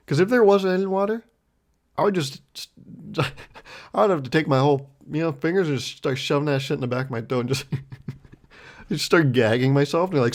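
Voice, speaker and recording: A man's voice: fairly high pitch, fairly quick. Rambling, self-mocking young man. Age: 20s. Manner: rambling, self-mocking, laughs often, swears freely. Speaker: podcast host. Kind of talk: solo comedic storytelling.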